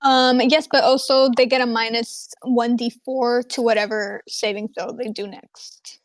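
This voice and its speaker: Chatty girl player, kinda high voice, dry close sound. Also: level tone, a little slow, no echo. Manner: casual, chatty with laughs. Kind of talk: casual tabletop play.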